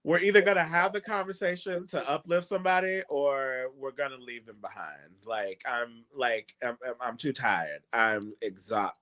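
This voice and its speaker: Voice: mid-range voice, normal speed, hardly any pauses. A co-host in casual chat, sounding worn out with people. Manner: lively, weary.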